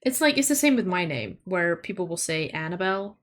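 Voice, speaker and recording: Breathy girl streaming, chatty and sweary, talks to her kitty. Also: lowish voice, sing-song, a little fast. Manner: chatty, swears freely, talks baby talk to her kitten. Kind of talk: casual chat.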